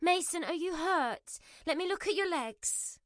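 A woman's voice: high voice, lively intonation, unhurried, fairly bright tone, no echo, clean studio sound, pitched above the performer's own voice. A woman voicing a frantic young mother near tears. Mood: panicked. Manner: frantic, self-critical outbursts. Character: flustered, self-blaming young mother. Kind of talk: scripted audiobook narration.

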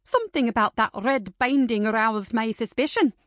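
A woman's voice: animated, normal speed, a bit bright, no echo, studio quality. A woman voicing a haughty, easily offended lady of a period household who speaks in a pompous, scandalized manner. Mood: indignant. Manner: pompous, scandalized, raised and shrill.

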